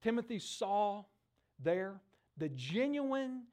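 Man, middle-aged, pastor, sermon, animated storytelling. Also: high voice, takes it slowly. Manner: animated storytelling, acts out voices in the stories.

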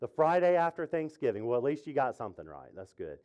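A man's voice: medium pitch, sing-song, quick pace, warm tone, muffled recording. A male pastor preaching a casual, joking sermon to his congregation and asking them questions. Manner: chatty, jokey, asks the congregation questions. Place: church sanctuary with congregation.

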